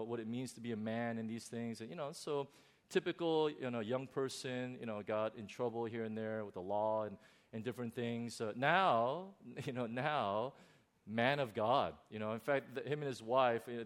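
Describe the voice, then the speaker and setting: A middle-aged man, a pastor, telling a personal story in a sermon, animated and full of restarts. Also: mid-range voice, normal speed. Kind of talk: sermon testimony.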